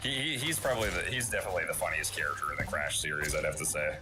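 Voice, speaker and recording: A man's voice: rumbling low, rapid-fire, over music. A man chatting casually on a stream, hesitant and often chuckling. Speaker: voice actor on a stream. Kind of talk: casual chat.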